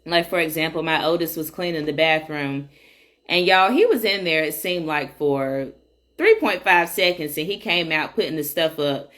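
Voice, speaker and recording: A woman with a notably low, deep speaking voice hosts a casual solo podcast. She talks in a chatty, candid, unscripted way, often pausing on an "um" as she thinks. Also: fairly bright tone. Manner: chatty and candid, frequent um fillers. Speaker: podcast host.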